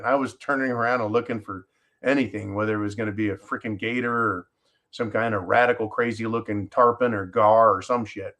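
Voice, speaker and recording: A man's voice: fairly low pitch, fairly even intonation, a little fast, fairly bright tone. A man hosting a live stream, talking passionately and emphatically to his viewers, swearing freely and calling them folks. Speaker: live show host.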